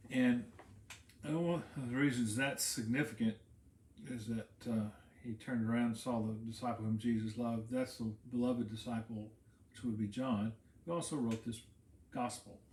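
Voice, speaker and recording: A man's voice: mid-range voice, steady tone, normal speed, a little mellow. A man, a pastor, giving a casual Bible teaching talk, explaining in a conversational way and repeating words while he thinks. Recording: roomy echo.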